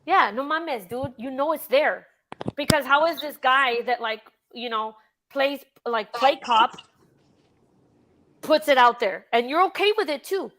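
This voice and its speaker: A woman's voice: high voice, measured pace, a bit bright, a little hiss or hum. Chatty woman hosting a livestream. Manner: chatty, swears, reads chat aloud. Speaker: livestream host. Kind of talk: casual true-crime chat.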